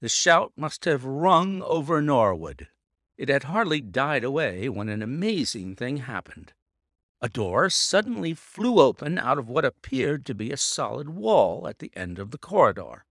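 A man reading a classic detective story aloud in a measured, theatrical manner. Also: medium pitch, sing-song, a bit bright, no room sound, studio quality. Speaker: audiobook reader. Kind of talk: scripted narration.

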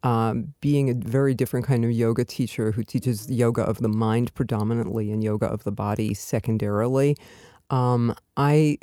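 A woman who teaches yoga and writes, talking gently and laughing often in a casual podcast conversation. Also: rumbling low, steady tone, moderate pace, no echo, clean studio sound.

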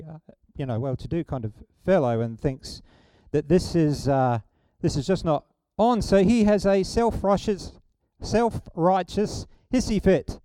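A middle-aged man preaching, with a high voice for a man and a smooth, mellow tone. He tells the story with lively, joking energy. The sound is dry and close. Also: no echo. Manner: animated, humorous storytelling. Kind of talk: sermon.

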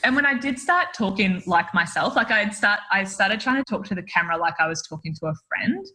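A woman's voice: medium pitch, animated, fairly quick, sharp tone. A woman, a photographer who is a guest on a podcast, talking candidly with lots of "like" and "you know". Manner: candid, self-deprecating, many fillers. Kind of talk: casual interview chat.

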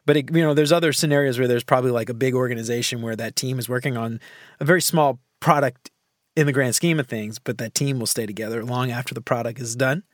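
A man's voice: medium pitch, quick pace, dry recording, clean studio sound. A man hosting a podcast, jokey and chuckly, often trailing off at the ends of his sentences. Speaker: podcast host. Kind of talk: casual chat.

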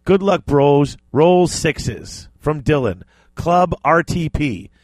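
A man's voice: on the high side, expressive, slow pace, darkish tone, no room sound. A man co-hosting a casual podcast, easygoing, often trailing off and restarting, laughing along. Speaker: podcast co-host. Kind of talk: casual chat.

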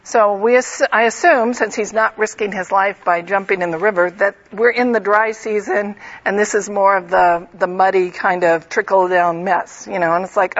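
A woman's voice: mid-range voice, steady tone, normal speed, few pauses, lo-fi sound. A woman teaching a Bible lesson, reading a passage and then explaining it in a conversational way with humorous asides.

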